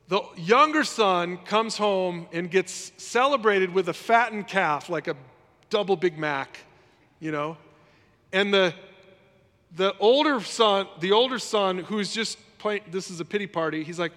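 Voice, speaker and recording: A man preaching a sermon in a lively, conversational way, often acting out what others say. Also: sits high, measured pace, big-room sound. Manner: animated, conversational preaching, acts out quotes. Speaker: pastor.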